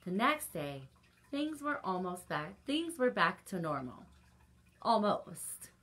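Librarian lady doing story time, reads slow and bright, lots of ups and downs. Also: mid-range voice. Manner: expressive, slow read-aloud with asides to children. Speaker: children's librarian. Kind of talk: children's story time reading.

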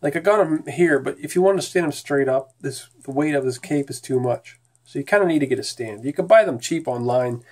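Relaxed, chatty male toy reviewer. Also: fairly high pitch, a little fast. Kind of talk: casual product review.

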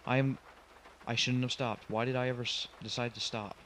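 A man's voice: mid-range voice, flat delivery, fairly quick, a bit bright, a little hiss or hum. Frustrated young man commenting on a game. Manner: frustrated, talks to the truck, exasperated groans. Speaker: gaming channel host.

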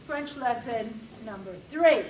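A woman giving a humorous contest speech, telling her story slowly and theatrically and acting out phrases in French. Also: a little high, expressive, recorded from a distance, a little hiss or hum. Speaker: contest speaker. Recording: roomy hall recorded from afar.

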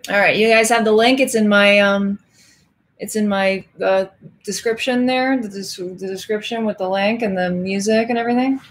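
A woman's voice: mid-range voice, steady tone, normal speed. A young adult woman hosting a casual livestream, chatting with viewers, laughing often and counting cards aloud as she works. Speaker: livestream host.

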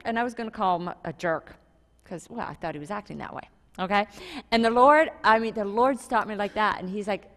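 A woman pastor preaching a sermon, telling stories with lively jumps in her voice and quoting scripture. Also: a little fast, long reverb tail. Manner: animated storytelling preacher with sudden pitch jumps and laughs. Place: church sanctuary.

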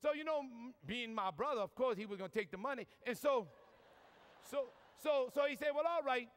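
Man, New Orleans accent, very high voice, smooth and resonant, folksy preacher, hall reverb. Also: expressive, brisk. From New Orleans, USA. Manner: folksy, joking, lots of y'all. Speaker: Catholic priest giving a talk. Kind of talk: preaching talk with humor. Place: large convention hall. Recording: long reverb from a large hall.

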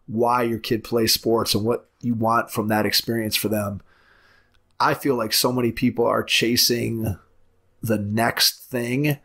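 A man's voice: fairly low pitch, gravelly, a bit bright, husky. A man hosting a basketball podcast, giving reflective, flowing commentary to his guest. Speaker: podcast host. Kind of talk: podcast interview.

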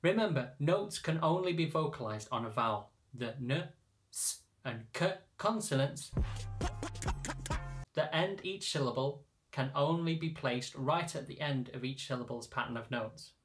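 A man who teaches choir singers, calmly explaining step by step how to read lyrics in sheet music. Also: medium pitch, unhurried. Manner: patient, methodical explaining. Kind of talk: instructional narration.

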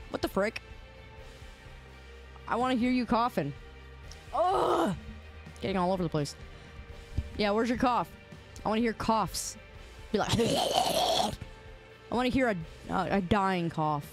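A woman game streamer in casual live-stream chat, playful and teasing, arguing loudly with her chat. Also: mid-range voice. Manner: playful, teasing and argumentative, loud when riled.

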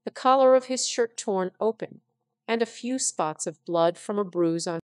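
A synthetic-sounding woman narrating a story in an even, unhurried reading voice. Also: medium pitch, dry recording. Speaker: audiobook narrator. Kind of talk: scripted narration.

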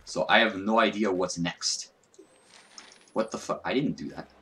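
A man's voice: low-pitched, moderate pace, bright, forceful tone. A young man giving casual, profane, self-mocking commentary while playing a video game. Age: young adult. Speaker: gaming YouTuber. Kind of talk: let's play commentary.

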